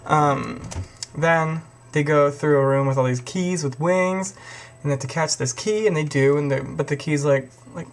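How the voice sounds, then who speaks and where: A man's voice: a little high, moderate pace, creaky, slight background noise. A young man casually retelling a story in a rambling, profane way. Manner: rambling, profane, lots of fillers. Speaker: video host.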